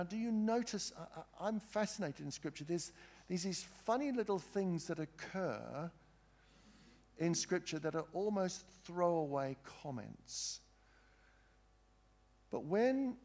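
Man, pastor, sermon; slow, deliberate delivery, a touch higher than usual, asks the congregation questions. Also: creaky, darkish tone. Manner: earnest, with slow emphatic pauses and questions to the congregation.

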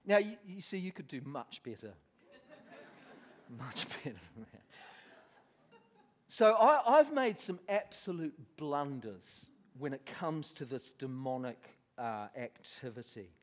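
A man's voice: on the high side, very animated, measured pace. A man preaching a sermon, telling a story with lots of laughter and acted-out voices.

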